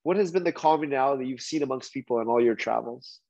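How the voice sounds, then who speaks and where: A man hosting a podcast, asking the guest measured, earnest questions. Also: medium pitch, darkish tone. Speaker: podcast host. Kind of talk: interview questions. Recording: dull, lo-fi, dry.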